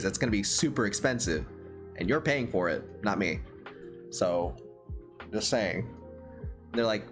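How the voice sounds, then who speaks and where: A young man hosting a livestream who tells stories casually, laughs often and swears freely. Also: on the low side. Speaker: livestream host. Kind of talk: casual storytelling chat.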